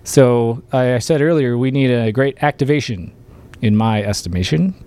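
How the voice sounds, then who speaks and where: A man's voice: mid-range voice, normal speed, dark tone. A man hosting a political livestream, talking casually and getting fired up, with emphatic rallying calls. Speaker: livestream show host.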